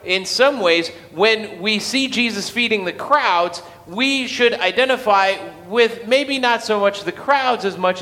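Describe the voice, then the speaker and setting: A man's voice: high voice, pushed and bright, big-room sound. A man giving a casual sermon, telling the story conversationally with playful acted quotes. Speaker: pastor.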